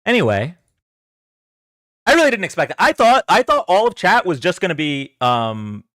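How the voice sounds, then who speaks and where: A man with a high, lively voice argues with his livestream chat, sarcastic and exasperated. He repeats himself to press a point. The sound is dry and close. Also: normal speed, no room sound. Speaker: political livestream host. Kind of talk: casual livestream commentary to chat.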